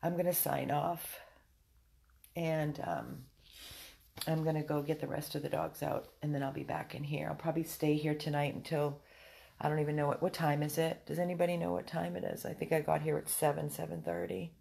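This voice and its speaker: Tired woman livestreaming on her phone from a dog rescue, low gravelly voice, soft and sighing. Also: level tone, brisk. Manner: soft-spoken, sighing, coaxing the dogs gently. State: worn out and sad. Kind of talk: live-stream chat.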